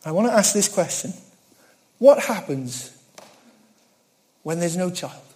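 A man delivering a sermon with a fairly high but warm, mellow voice. He keeps it earnest and conversational, with self-deprecating humor. He swings from loud emphasis down to hushed, quiet asides. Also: animated, takes it slowly. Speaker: preacher.

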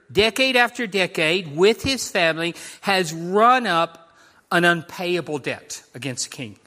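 Male pastor, high bright voice, earnest emphatic sermon delivery. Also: animated, slow pace. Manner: earnest, emphatic, repeats key phrases, speaks to the congregation.

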